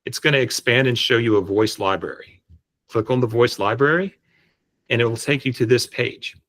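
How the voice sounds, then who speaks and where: A man explaining step by step how to set up an AI voice agent, speaking on a video call in a relaxed, explanatory way. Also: mid-range voice, normal speed. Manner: relaxed, explanatory, frequent restarts. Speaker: tutorial presenter. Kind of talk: screen-share software tutorial.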